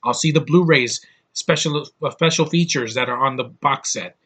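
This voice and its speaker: A man's voice: medium pitch, normal speed, a bit bright. A man ranting bluntly on a vlog, frustrated and exasperated, swearing often. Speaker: YouTube vlogger. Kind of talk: angry opinion rant.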